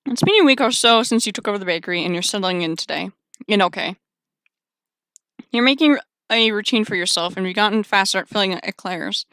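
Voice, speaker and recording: Chatty woman streamer, bright crisp voice. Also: medium pitch, fairly quick, no echo. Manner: wry, chatty, sarcastic asides. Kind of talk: reading a visual novel aloud.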